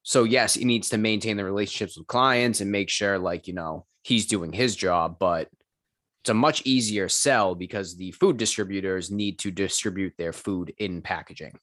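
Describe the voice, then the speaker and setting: A low-pitched man chats casually about running his gym. He tells profane stories and acts out the people in them. The sound is dry and close, with no room echo. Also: moderate pace, fairly bright tone. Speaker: gym owner and trainer. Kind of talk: casual chat.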